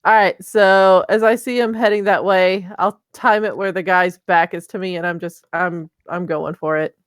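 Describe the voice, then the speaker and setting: A woman talks through her moves in a tabletop game, low-pitched and smooth. She is playful and casual, recorded dry and close. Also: fairly even intonation, normal speed, no room sound. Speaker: player.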